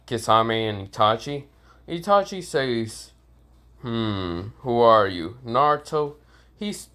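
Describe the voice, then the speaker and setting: A man's voice: medium pitch, a bit bright. A man at home spins an improvised fan story off the cuff. He rambles, swears freely and stops to correct himself as he goes. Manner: rambling, profane, self-correcting.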